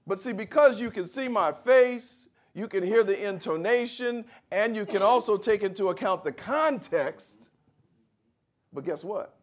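A man preaching a sermon in a lively, conversational way, acting out bits of everyday talk. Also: high-pitched, a little slow.

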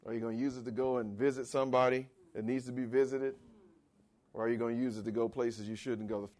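A man preaching a sermon in a conversational style, asking for amens and swinging between loud and quiet. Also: little pitch movement, fast talker. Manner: dramatic swings in pitch and volume. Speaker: pastor.

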